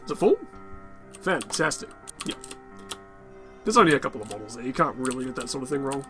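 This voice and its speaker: A man with a raspy, worn-out voice giving rambling, casual gameplay commentary, muttering to himself and swearing often. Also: mid-range voice, very animated, fairly quick, a bit bright, soft background music. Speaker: gaming channel host.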